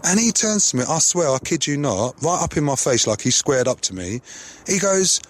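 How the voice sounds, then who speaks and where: Bloke spinning a yarn, swears a lot, chatty and slangy. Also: male voice, fairly high pitch, sing-song, normal speed. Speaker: storyteller. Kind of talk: casual anecdote.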